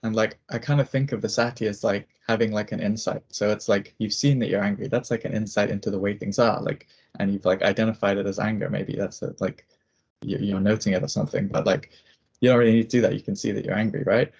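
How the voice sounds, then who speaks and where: Husky young man rambling with fillers. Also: fairly low pitch, fairly even intonation, quick pace, a little mellow. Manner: rambling, many "like" fillers and restarts. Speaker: student. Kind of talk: casual chat. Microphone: video call.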